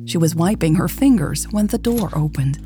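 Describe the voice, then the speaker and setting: Calm, mellow woman narrating a romance. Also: lowish voice, moderate pace, faint music behind. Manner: calm, gentle, intimate reading. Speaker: storyteller.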